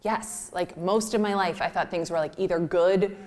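Woman telling stories on stage, super animated, laughs mid-sentence, does everyone's voices, says like a lot. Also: fairly low pitch, moderate pace. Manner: heavy use of "like" as filler. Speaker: guest speaker at a live Q&A. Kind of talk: candid storytelling.

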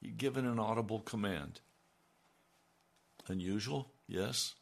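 Slow, gravelly older male preacher. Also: on the low side. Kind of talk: sermon.

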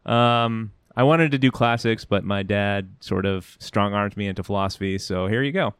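Smooth-voiced, self-deprecating male guest. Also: on the low side, dry recording, studio quality. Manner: self-deprecating, measured, hesitant restarts. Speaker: attorney guest. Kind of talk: casual podcast chat. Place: studio.

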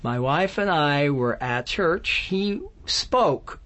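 A man from West Virginia, a songwriter, telling funny anecdotes in conversation with a self-deprecating, animated manner and frequent laughs. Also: a little high, slow. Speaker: songwriter guest.

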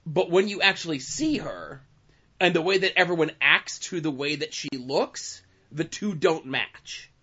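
A man co-hosting a podcast, giving a wry, measured critique in casual chat. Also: a little high, animated, bright, forceful tone, husky, dull audio. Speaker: podcast co-host. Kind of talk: casual movie discussion.

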